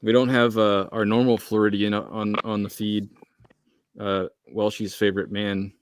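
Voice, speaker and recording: A man's voice: lowish voice, flat delivery, normal speed. A man hosting a livestream, reading viewer messages aloud and adding wry, sarcastic comments. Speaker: livestream host reading chat.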